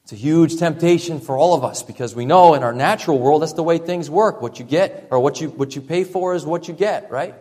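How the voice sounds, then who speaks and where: A male pastor preaching a sermon, emphatic, dropping to a hush for effect and piling up repeated phrases. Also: on the high side, a little fast, few pauses. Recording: long reverb from a large hall.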